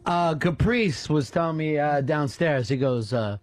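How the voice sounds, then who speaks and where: Here the host sounds a little high and takes his time, speaking into a studio mic at the radio station. His chat with the co-host and callers stays loose, dry-humored, and profane.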